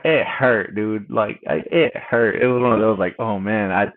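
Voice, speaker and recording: A man's voice: lowish voice, moderate pace. A man co-hosting a casual chat among auto technicians, telling stories in a rambling way with lots of fillers and swearing. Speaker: automotive technician podcast co-host. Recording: tinny phone-like line.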